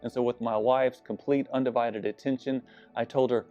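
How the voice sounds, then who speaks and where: A man's voice: mid-range voice, steady tone, moderate pace, warm tone. A man preaching as a pastor, telling a personal story in an earnest, confessional way with some self-deprecating humor. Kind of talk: sermon-style personal storytelling. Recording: slightly dull sound with faint music behind.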